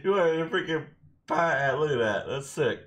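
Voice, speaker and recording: A man hosting a reaction video, chatting casually and excitedly, laughing often. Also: a little high, moderate pace. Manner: laughs often, excited, says bro and dude.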